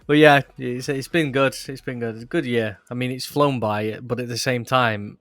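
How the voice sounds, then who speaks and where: A man's voice: mid-range voice, fairly even intonation, moderate pace, a bit bright, no room sound. A young man hosting a podcast in casual chat, laughing often and full of fillers. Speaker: podcast host.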